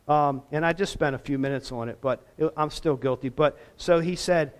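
Higher-voiced man preaching a sermon. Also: moderate pace, hardly any pauses. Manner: conversational, self-deprecating asides. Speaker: pastor.

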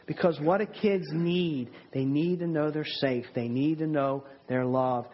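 A man's voice: on the high side, unhurried, muffled recording, a little hiss or hum. A man preaching a sermon in an earnest, emphatic way, often repeating words and restarting his sentences.

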